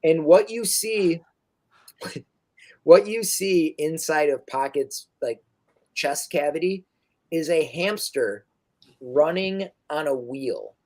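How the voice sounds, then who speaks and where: A woman narrating as game master, her voice sitting a little low for a woman. She talks in a quick, casual way, often stopping herself with "uh" and correcting course mid-sentence. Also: lively intonation, darkish tone.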